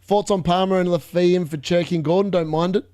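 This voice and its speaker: A young man with a fairly high voice, hosting a live fantasy football stream. He chats loosely and reacts excitably to each score update. His close mic gives a dry, tight sound with no room around it. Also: a little fast, no room sound. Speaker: fantasy football livestream host. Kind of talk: live watchalong commentary.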